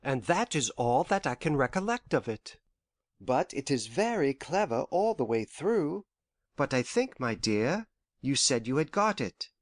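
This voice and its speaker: An actor playing a gentle, anxious elderly father who frets and complains softly in an audiobook. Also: mid-range voice, big pitch swings, unhurried, no room sound, studio quality. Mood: fretful. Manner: worried, lingering, softly complaining. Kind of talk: audiobook character voice.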